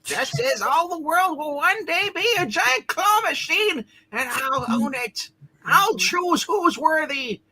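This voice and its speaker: A woman voicing a power-hungry male comic-book villain, ranting in drawn-out shouts during a comic read-aloud with friends. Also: high voice, animated, dry recording, voice pushed up, exaggerated voice. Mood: gloating.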